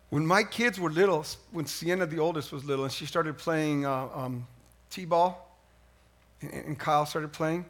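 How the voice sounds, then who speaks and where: A middle-aged man preaching a sermon as pastor, animated and swinging from hushed lines to near yelling. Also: a little high.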